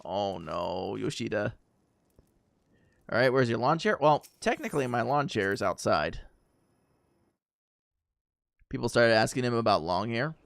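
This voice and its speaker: A man's voice: mid-range voice, lively intonation, moderate pace, vocal fry, long pauses, fairly bright tone, no echo, studio quality. A man chatting casually to his viewers while streaming a game, rambling with fillers and easy laughs. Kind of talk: casual gaming stream chat.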